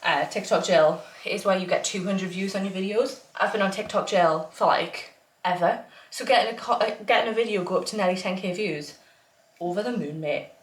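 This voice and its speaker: A woman's voice: mid-range voice, a little fast. Chatty young Northumbrian woman, echoey room. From Northumberland, England. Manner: chatty, laughs often, trails off and restarts. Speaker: vlogger. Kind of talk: casual chat.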